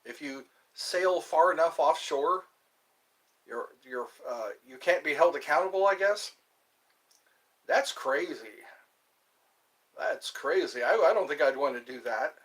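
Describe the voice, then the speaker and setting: A man chatting alone on a livestream, rambling slowly from thought to thought with the odd laugh. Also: a little high, lively intonation, fairly bright tone. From US East Coast. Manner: slow, meandering, talks to himself, laughs. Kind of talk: rambling solo livestream chat.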